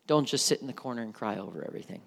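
A man's voice: medium pitch, expressive, racing, creaky, big-room sound. A man preaching a sermon as a pastor, conversational, with frequent restarts and repeated words.

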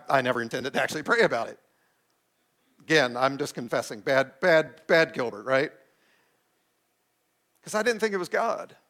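A middle-aged man who is a pastor, telling a personal story in a sermon with animated, self-deprecating delivery and acted-out quotes. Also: medium pitch, normal speed, long pauses.

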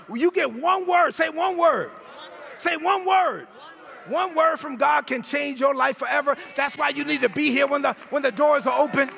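A man preaching an energetic sermon in a church, often shouting and calling on the congregation to repeat his words. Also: extremely high pitch, creaky. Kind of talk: energetic sermon with call-and-response. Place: church sanctuary. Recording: long hall reverb with faint music.

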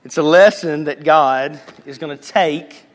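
A man preaching a sermon as pastor, moving between loud calls and hushed, almost whispered lines. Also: on the high side, a little slow, big-room sound.

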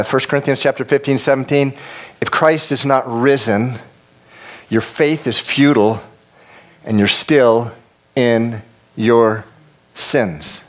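A pastor preaching a sermon, emphatic and repetitive, talking straight to his congregation and dropping to a hush at times. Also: medium pitch. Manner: addresses the congregation directly.

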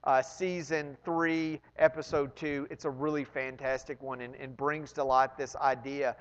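A man preaching a sermon with animated swings between loud emphasis and hushed asides, often repeating words when excited. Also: medium pitch, a little slow, big-room sound, lo-fi sound. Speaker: pastor.

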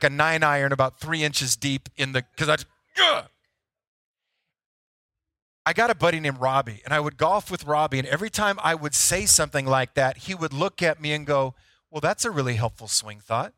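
Bright-voiced man preaching a casual sermon. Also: fairly high pitch, quick pace, hardly any pauses, dry recording. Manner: conversational, self-deprecating storytelling. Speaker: pastor.

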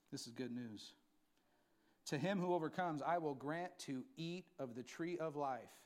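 Preacher guy, high voice, folksy and emphatic, goes quiet then gets loud. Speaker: pastor. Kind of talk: sermon.

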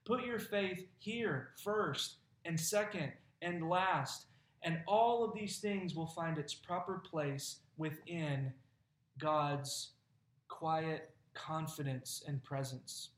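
A man's voice: on the high side, takes it slowly, reverberant. A man preaching a sermon as pastor, conversational and folksy, laughing now and then.

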